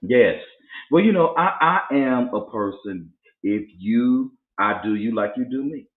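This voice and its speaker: A man's voice: medium pitch, measured pace. A man with a drawl tells a story to his co-host and slips into voices for the people in it. His voice comes through thin and phone-like, with a roomy echo around it. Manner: animated, acts out voices in his stories. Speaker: podcast co-host. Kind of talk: casual storytelling chat. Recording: tinny phone-like sound in an echoey room.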